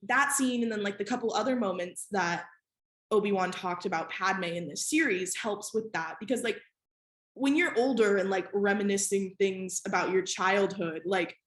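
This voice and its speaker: A woman's voice: mid-range voice, moderate pace, reverberant. A woman hosting a podcast, chatting casually with many "like" fillers. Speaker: podcast host.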